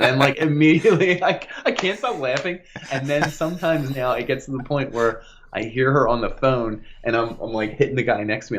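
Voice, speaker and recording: This man co-hosts a casual podcast in a lowish voice, speaking fairly quickly. He tells lively stories, acting out what people said and laughing plenty throughout.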